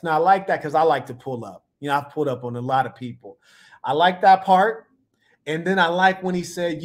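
On the high side and at a moderate pace, this man hosts a live reaction stream. His commentary is casual, laid-back, playful and packed with slang.

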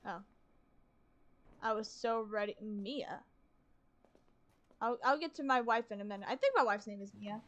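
A woman's voice: a little high, moderate pace, long pauses, a bit bright. A woman streamer giving casual gameplay commentary, talking to herself in a chatty, wry and sarcastic way.

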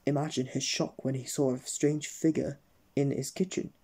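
A man's voice: medium pitch, level tone, normal speed, warm tone, breathy edge. A man reading a children's story aloud in a playful storytelling manner. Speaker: storybook reader.

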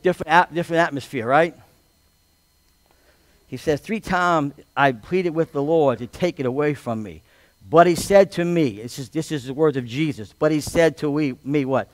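A male pastor preaching a sermon, reading scripture and building to loud, drawn-out, emphatic shouts. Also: a little high, no echo. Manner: reads scripture aloud with commentary.

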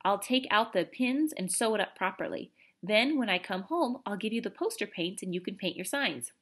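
A woman reading aloud, voicing an eager, excitable young boy. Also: medium pitch, normal speed, slightly rough.

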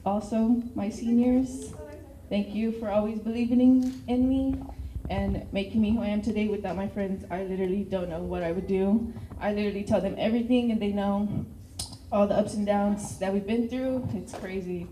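A woman's voice: mid-range voice, steady tone, normal speed, dark tone, a little hiss or hum. A teenage girl with a Texan accent, a cheer captain giving a nervous, tearful thank-you speech. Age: teens. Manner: nervous, tearful, laughing between words. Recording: echoey room.

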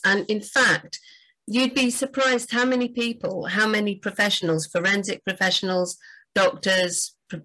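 A woman's voice: medium pitch, pushed and bright, low-quality recording. A woman, a book doctor, giving enthusiastic, chatty writing advice on a livestream. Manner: enthusiastic, chatty, frequent fillers.

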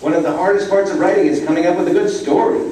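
A man's voice: sits high, rapid-fire, mellow, pitched above the performer's own voice, close to an everyday voice. A man doing a sing-song little bird teacher. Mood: encouraging. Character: cheerful female yellow bird teacher. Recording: echoey room from far off.

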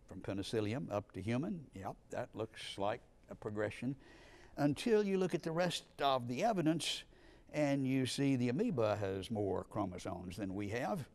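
A man's voice: medium pitch, darkish tone. A man giving a conversational classroom lecture, arguing his points with emphatic, punchy stresses on key words.

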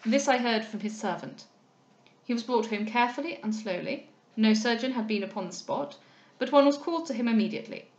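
A woman voicing a courteous, formal gentleman from a period novel, measured and polite. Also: medium pitch, highs cut off, lightly acted. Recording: roomy echo.

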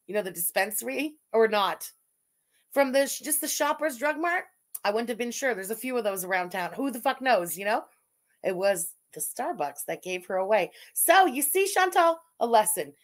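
A woman from Canada hosting a livestream, talking in a sarcastic, profane way and laughing often. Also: a little high. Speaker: streamer host. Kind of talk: casual livestream commentary.

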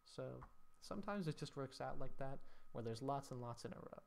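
A man's voice: medium pitch, animated, normal speed, creaky, darkish tone. Man explaining Latin scansion step by step. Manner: explanatory, thinking aloud, mock-dramatic sighs. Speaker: teacher.

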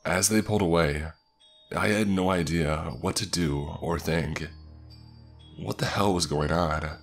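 A man reading a horror story aloud as a scripted narration, in a measured, suspenseful way. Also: sits low, vocal fry, soft background music.

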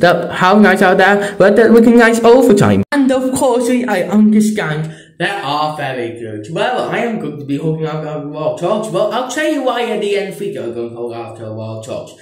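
A man giving casual, enthusiastic commentary on traffic lights, repeating himself often. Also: darkish tone. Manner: repetitive, enthusiastic, jumping pitch. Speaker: vlogger.

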